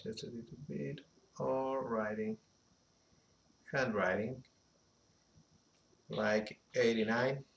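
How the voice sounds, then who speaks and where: A man giving an unhurried animation software tutorial, thinking aloud as he works, with a slight phrasing. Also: mid-range voice, fairly even intonation, vocal fry, a little hiss or hum. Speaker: animation instructor. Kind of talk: screen-recorded software tutorial.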